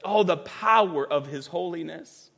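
Guy preaching slow and emphatic, kinda high voice, big echoey church hall. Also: vocal fry. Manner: emphatic, repeats words for stress, rises to near-shouts. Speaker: pastor. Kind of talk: sermon. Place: church sanctuary with a band. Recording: long reverb of a large hall.

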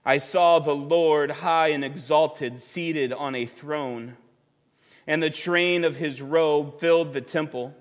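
A man preaching a sermon, emphatic and repeating words for stress, building at times to near-shouts, in a church with a band. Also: a little high. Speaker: pastor. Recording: long reverb of a large hall.

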